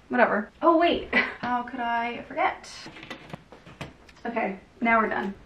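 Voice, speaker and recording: A woman's voice: on the high side, a bit bright. A young woman vlogging at home in a casual, chatty, giggly way. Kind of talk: casual vlog chat. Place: at home, indoors. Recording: echoey room.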